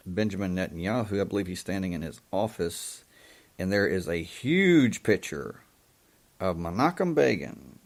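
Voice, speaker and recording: A man hosting a live show monologue, halting and full of ums and restarts, with an indignant, emphatic way of talking. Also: deep voice, gravelly. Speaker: host.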